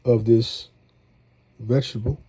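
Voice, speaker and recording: A man's voice: mid-range voice, steady tone, unhurried, mellow, slightly rough. A middle-aged man, congested, chatting in a rambling, folksy way as he cooks for a vlog. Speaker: home cook. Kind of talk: casual cooking vlog.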